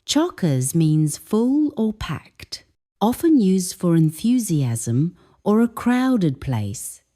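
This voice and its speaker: A woman narrates a scripted English lesson, explaining each phrase slowly and deliberately. Her voice is low and mellow, and her pitch moves a lot. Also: very animated. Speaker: English teacher.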